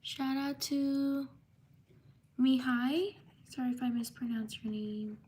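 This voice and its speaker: A woman hosting a live stream, reading out viewers' names one by one and quickly apologizing for mispronunciations. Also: sits high, fairly even intonation, dark tone, slight background noise. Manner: slow, drawn-out name reading with quick apologies. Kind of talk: live stream shout-outs.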